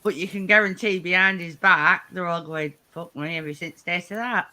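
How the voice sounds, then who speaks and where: A woman's voice: lowish voice, normal speed, sharp tone. Chatty, sweary Lancashire woman in her fifties. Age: 50s. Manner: chatty, laughs often, swears freely. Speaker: guest on a livestream. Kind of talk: casual chat.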